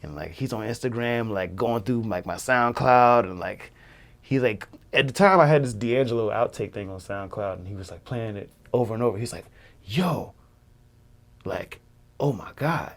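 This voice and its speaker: A man's voice: fairly low pitch, fairly quick. A young man, a music producer, telling a story in casual chat, loose and full of fillers. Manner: loose, filler-heavy, many "like"s, acts out quotes.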